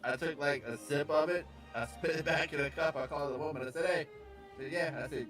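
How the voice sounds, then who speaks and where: A man in a casual chat telling a story loudly, laughing often and saying "dude". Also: a little high, fast, echoey room, far from the mic, music in the background. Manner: loud storytelling, laughs a lot, says "dude".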